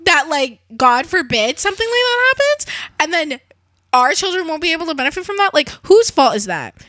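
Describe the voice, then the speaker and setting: A young Canadian woman chatting animatedly as a podcast guest, with quick giggly asides. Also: very high-pitched, sing-song, bright, forceful tone, no echo, clean studio sound. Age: young adult. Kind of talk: casual chat.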